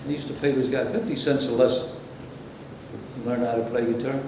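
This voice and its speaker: A man's voice: medium pitch, steady tone, a little fast, heavy reverb, distant mic, noisy background. An older man from Brooklyn, New York, reminiscing in a rambling, anecdotal way during an interview. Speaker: interviewee, former radio announcer.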